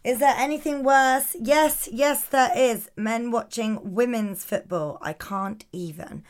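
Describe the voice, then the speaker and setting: A woman's voice: a little high, a little slow. A woman co-hosting a podcast, reading listener rants in a wry, sardonic way. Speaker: podcast co-host. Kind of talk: casual podcast chat.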